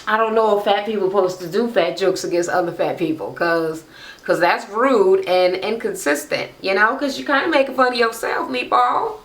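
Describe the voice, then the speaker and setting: A woman's voice: medium pitch, normal speed. A woman casually recapping a reality show episode, with sassy, profane, mocking commentary. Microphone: camera microphone. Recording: roomy, echoey room.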